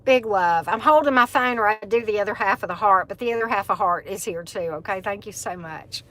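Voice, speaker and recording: A woman's voice: mid-range voice, a little fast. Chatty woman live-streaming. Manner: chatty, animated, laughs often, addresses viewers as "y'all". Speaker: livestream host. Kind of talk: casual live chat.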